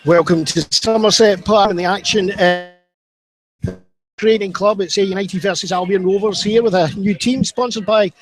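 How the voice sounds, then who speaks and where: Scottish man, pre-match presenter, high pitch, joking, trips over words. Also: steady tone, moderate pace, poor audio. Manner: chatty, jokey, stumbles over words. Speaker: club media presenter. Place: football stadium.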